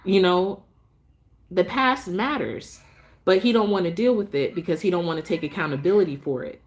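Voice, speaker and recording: A woman telling her story as a parent in a casual vlog, frustrated and emphatic, with many restarts. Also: fairly low pitch.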